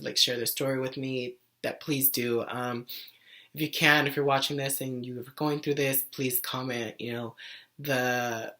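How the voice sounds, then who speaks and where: A woman's voice: rumbling low, fairly bright tone. A young woman talking earnestly to camera in a casual vlog, rambling with lots of "like" fillers. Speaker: vlogger sharing her own illness story. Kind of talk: casual heartfelt vlog talk.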